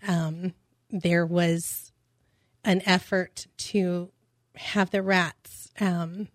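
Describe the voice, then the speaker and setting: A woman, a parent, telling her story on a radio talk show, hesitant and halting with many restarts. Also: on the low side, flat delivery, dry recording, studio quality. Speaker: guest, parent.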